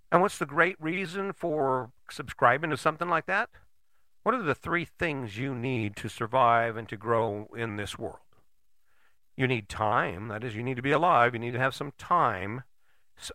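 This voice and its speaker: A man's voice: mid-range voice, bright, forceful tone, no echo. An older man giving a casual motivational talk, folksy and blunt, often checking in with "right?".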